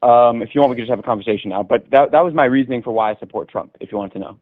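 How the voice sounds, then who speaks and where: Fast-talking young man on a phone line. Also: medium pitch, dry recording. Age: young adult. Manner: fast, recites prepared points. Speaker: caller. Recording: tinny dry phone line.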